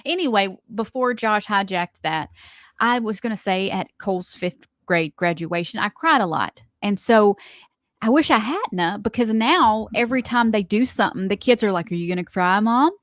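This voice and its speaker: A woman's voice: medium pitch, animated, dry recording, clean studio sound. A woman, co-hosting a radio morning show in casual, rambling chat and laughing easily. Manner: chatty, rambling storyteller, quick to laugh. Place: radio studio.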